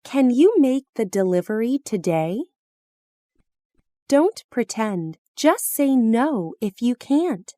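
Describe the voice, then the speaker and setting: A woman reading practice phrases slowly and carefully for language learners, each line delivered clearly and deliberately. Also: fairly high pitch, sing-song, warm tone, dry recording, clean studio sound. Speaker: phrase reader.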